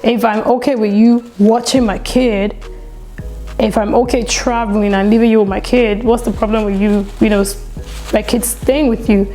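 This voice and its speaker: A young woman telling a story on her vlog in a chatty, animated way, full of "like" and "you know.". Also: fairly high pitch, moderate pace, faint music behind, low-quality recording. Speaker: vlogger.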